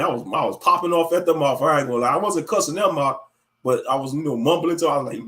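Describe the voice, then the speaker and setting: A man's voice: medium pitch, animated, fairly quick, a bit bright. A man hosting a casual livestream, ranting animatedly with plenty of cursing. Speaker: livestream host.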